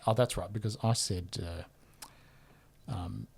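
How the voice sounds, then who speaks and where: A man's voice: on the low side, slow pace, vocal fry, darkish tone. A man, hosting a casual podcast and reading out listener feedback with laughs and the odd swear. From Australia. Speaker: podcast host.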